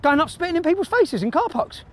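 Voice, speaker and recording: Furious man shouting high in a car park. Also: sing-song, quick pace. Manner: angry, swearing, repetitive. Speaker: confronting a passer-by. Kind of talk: heated street confrontation.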